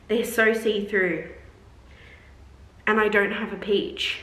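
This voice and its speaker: A woman's voice: medium pitch, fairly even intonation, takes it slowly, long pauses, a bit bright, roomy sound, far from the mic, rough recording. A woman in her twenties filming a casual try-on vlog, chatty and exasperated, with lots of filler words. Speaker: vlogger.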